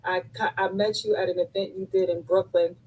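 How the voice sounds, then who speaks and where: A woman's voice: medium pitch, steady tone, brisk, a little mellow, breathy edge, rough recording. A woman in her fifties on a live call, tearful and effusive, thanking the host over and over. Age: 50s. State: crying. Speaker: caller on a live stream.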